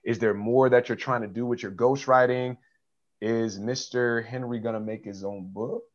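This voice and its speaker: A male interview host asking relaxed, informal questions. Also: medium pitch, normal speed. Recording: dull lo-fi audio.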